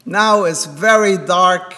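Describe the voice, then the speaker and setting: A man's voice: sits high, slow, pushed and bright. A man giving a sermon at a synagogue, telling a parable and voicing the characters' words himself. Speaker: rabbi giving a talk. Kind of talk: sermon with storytelling. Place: synagogue hall. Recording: reverberant hall.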